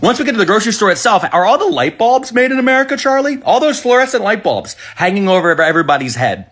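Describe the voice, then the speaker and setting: A man's voice: sits high, big pitch swings, fast talker, a bit bright. A man giving a rebuttal commentary, firing off sarcastic rhetorical questions. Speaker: political commentator.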